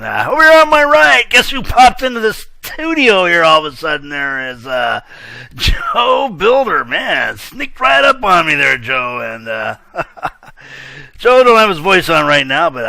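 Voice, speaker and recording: Hyped, animated male show host. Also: on the high side, gravelly, no room sound. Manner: hyped, slangy, laughs a lot, trails off. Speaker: host of a virtual-world news show. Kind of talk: casual show hosting.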